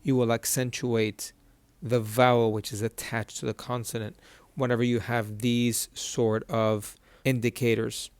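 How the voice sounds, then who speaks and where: A man teaching a reading lesson at a board, patiently repeating each syllable slowly. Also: medium pitch, level tone, dry recording. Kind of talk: whiteboard lesson.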